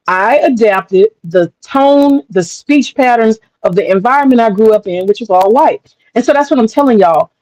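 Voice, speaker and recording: A woman's voice: a little high, lively intonation, brisk, a little mellow, no echo, rough recording. A woman talking in a blunt, profane casual monologue as a commentator, acting out other people's voices as she goes.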